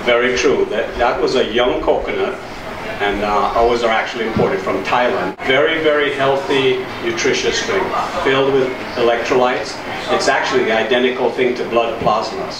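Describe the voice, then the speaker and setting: A man's voice: medium pitch, normal speed, a loud crowd. Friendly man from Jamaica, echoey room. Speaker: restaurant owner. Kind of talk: interview answers. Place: his restaurant. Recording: roomy, distant and noisy restaurant audio.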